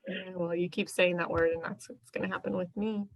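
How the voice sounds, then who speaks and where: A woman's voice: fairly low pitch, little pitch movement, fairly quick, poor audio. A mother hosting a casual live chat, chatty and laughing often between loose, rambling sentences. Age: young adult or middle-aged mother. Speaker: host.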